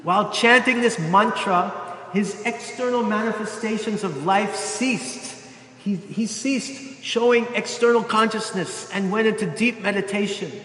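A male preacher telling a devotional story in an animated way, acting out the quotes. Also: high voice, unhurried. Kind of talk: storytelling sermon. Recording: echoey hall.

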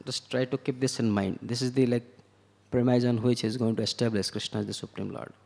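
A scripture class teacher lectures on scripture, working through verses and word meanings step by step, and he chants verses in Sanskrit. His medium-pitched voice is creaky and darkish, with fairly even intonation and a brisk pace. The recording carries the long reverb of an echoing hall.

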